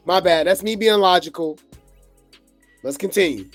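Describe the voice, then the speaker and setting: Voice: medium pitch, slow pace, no echo, soft background music. A gossip commentary host, reacting to clips with sarcastic, incredulous asides.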